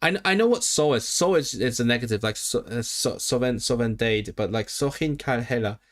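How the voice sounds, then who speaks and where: A man's voice: medium pitch, lively intonation, fairly quick, no room sound, clean studio sound. A young man on a livestream, studying aloud and stumbling, correcting himself as he switches between reading and chatty asides. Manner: thinks aloud, self-correcting and stumbling over words. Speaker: language-learning streamer. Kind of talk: casual livestream study session.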